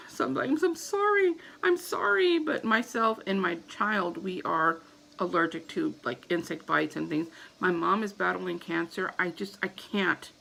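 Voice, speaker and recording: Woman in her 30s vlogging a wild story, acts out her panic, bit of gravel in her voice, faint room hum behind. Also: on the low side, low-quality recording. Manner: animated, acts out her own panicked reactions. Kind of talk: casual storytelling to camera.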